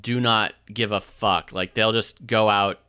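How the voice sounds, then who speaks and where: Bright, clear-voiced man recapping casually. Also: lowish voice, fairly even intonation, unhurried. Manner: laid-back, many fillers and restarts, laughs often. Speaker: podcast co-host. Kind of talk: casual chat recapping a show.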